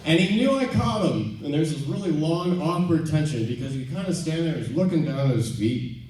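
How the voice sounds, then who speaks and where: A man doing stand-up, telling a rambling, self-deprecating story with halting ums and restarts. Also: fairly high pitch, animated, a little mellow. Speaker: stand-up comedian. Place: theater stage before a live audience. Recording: echoey venue from far off.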